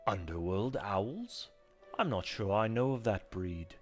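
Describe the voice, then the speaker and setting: A man's voice: fairly low pitch, lively intonation, unhurried, faint music behind. A man putting on a courteous British shopkeeper. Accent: put-on British. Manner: courteous, formal and helpful. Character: polite middle-aged male shopkeeper.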